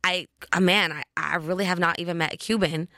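A young woman chats through a personal story as a podcast host. She has a bright, crisp voice and fills her talk with "like" and slang. The recording is close and dry. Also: on the low side, fairly even intonation, fairly quick, no echo. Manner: chatty, peppers speech with "like" and slang. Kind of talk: casual confessional storytelling.

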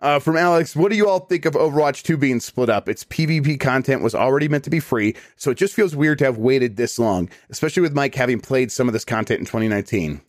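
A man co-hosting a casual podcast, reading listener questions aloud in a relaxed way with filler words. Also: medium pitch, fast, few pauses, no echo, clean studio sound. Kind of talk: casual chat.

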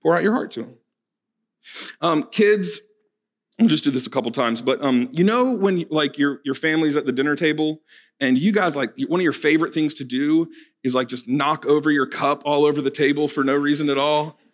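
A man preaching a sermon to a congregation in a church hall, swinging from hushed pleading to loud, fervent urging. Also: on the high side, a little fast. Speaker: pastor.

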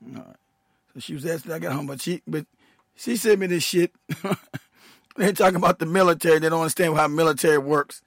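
A man rants heatedly on his livestream, swearing freely and breaking into laughter. His voice sits high for a man and sounds dry and close. He keeps trailing off and muttering as he wrestles with his computer. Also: fairly quick, gravelly, long pauses, dry recording. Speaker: show host, military veteran. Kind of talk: profane livestream rant.

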